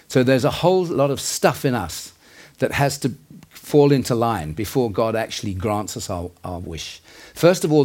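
A man's voice: mid-range voice, darkish tone. A male preacher delivers a sermon in an earnest, conversational tone, with a mid-range voice. He breaks off now and then for asides and small self-corrections, then picks the thread back up.

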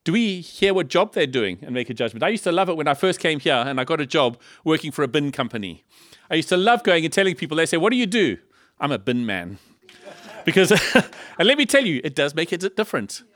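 Lively preacher, higher voice. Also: male voice, fast, dry recording. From South Africa. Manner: lively, rhetorical questions and humorous asides. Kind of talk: sermon. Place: church in Liverpool.

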